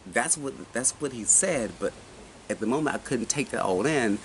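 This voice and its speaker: A man in his forties telling a personal story in casual chat, animated and often asking his listener questions. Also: medium pitch, moderate pace. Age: 40s. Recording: noisy recording.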